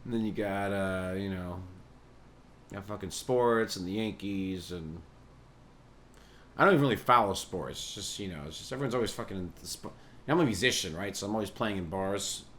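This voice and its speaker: A man hosting a podcast, rambling through a comic monologue with lots of swearing and quiet chuckles. His voice sits on the low side, and a faint hum lies under the recording. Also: a little fast. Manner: profane, meandering, chuckling asides. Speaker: podcast host and musician.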